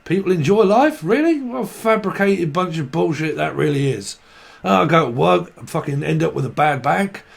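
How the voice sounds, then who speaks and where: A man's voice: a little high, creaky. A man giving a casual tarot reading, rambling and blunt, swearing freely. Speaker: tarot reader.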